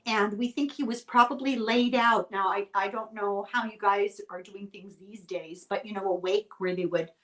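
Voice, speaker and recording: A woman born in Ireland, chatting casually and telling animated stories with laughter. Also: mid-range voice, moderate pace, hardly any pauses. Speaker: guest storyteller. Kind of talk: casual chat. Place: rural United States.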